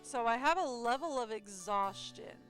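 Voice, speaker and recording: A woman's voice: a little high, expressive, moderate pace, fairly bright tone, faint music behind. A woman streamer reading a story game's narration aloud, breaking off for casual asides about her reading. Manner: reads narration aloud, then breaks off to chat. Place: home streaming setup.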